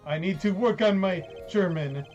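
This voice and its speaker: A man's voice: sits high, normal speed, darkish tone, dull audio. A man streaming a game live, making playful, joking asides. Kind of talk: casual live game commentary. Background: game music.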